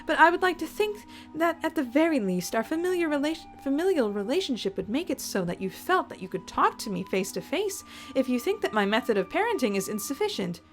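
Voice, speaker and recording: A woman's voice: high-pitched, very animated, fairly quick, soft background music, voice pushed up. A woman voicing a controlling aunt who talks in a prim, formal, condescending way.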